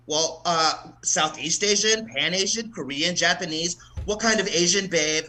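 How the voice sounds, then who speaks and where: A man's voice: high voice, fast talker, few pauses, sharp tone, rough recording. A man from the American South doing a casual, profane stand-up set at an open mic, laughing at his own jokes. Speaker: stand-up comedian.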